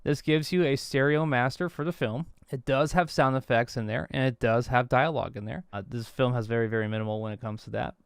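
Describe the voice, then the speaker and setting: A man teaching as a guest professor, walking through a software tool in a relaxed, explanatory way. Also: mid-range voice, brisk, creaky, few pauses, smooth, no echo, studio quality. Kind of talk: tutorial walkthrough.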